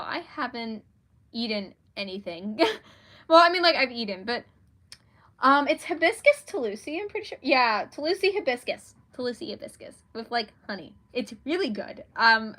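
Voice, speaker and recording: A woman's voice: a little high, sharp tone. A young woman, an author, chatting casually on a livestream, giggling often and rambling in a self-deprecating way.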